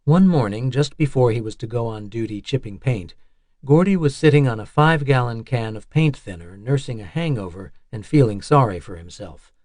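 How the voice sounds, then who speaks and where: A man reading a nonfiction audiobook in a measured, even narration style. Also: mid-range voice, no echo, clean studio sound.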